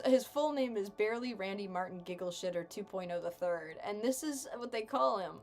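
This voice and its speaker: A woman's voice: mid-range voice, animated, fairly quick, hardly any pauses, a little mellow, soft background music. A young adult woman chatting casually with her live stream chat while gaming, sarcastic and chatty.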